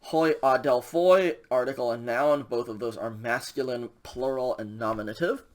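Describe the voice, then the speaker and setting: A man's voice: medium pitch, normal speed. A man teaching a recorded language lecture, walking through grammar patiently with frequent ums and okays. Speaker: Greek instructor.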